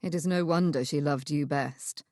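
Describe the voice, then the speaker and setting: A woman voicing a gruff, blunt elder brother with a grumbling, disapproving manner. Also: low-pitched, moderate pace, darkish tone, no room sound, clean studio sound, pitched below the performer's own voice, lightly acted.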